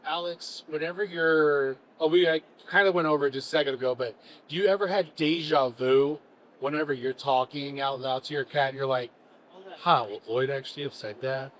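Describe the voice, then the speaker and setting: A man's voice: fairly high pitch, fairly even intonation, brisk, a bit bright, slight background noise, poor audio. Hesitant man fan asking a question. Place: convention panel room.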